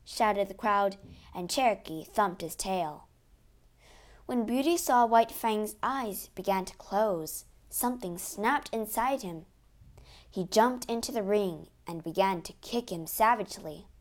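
A woman reading a children's adventure story aloud in a steady, expressive way. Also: mid-range voice, measured pace. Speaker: narrator.

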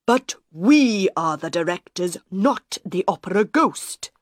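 A woman's voice: fairly low pitch, lively intonation, slow pace, no room sound, studio quality. A woman reading the part of an angry, stubborn man who runs an opera house. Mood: indignant. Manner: indignant, forceful.

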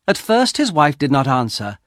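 A man narrating a graded-reader audiobook, slowly and with clear, expressive delivery on a close mic. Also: a little high, no room sound. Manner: slow, clearly articulated, expressive.

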